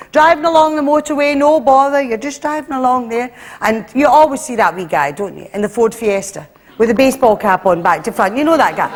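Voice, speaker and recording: A Scottish woman performing live stand-up comedy, animated and acting out voices as she tells her routine. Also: fairly high pitch, slight background noise. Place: stage before a live audience. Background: audience laughter.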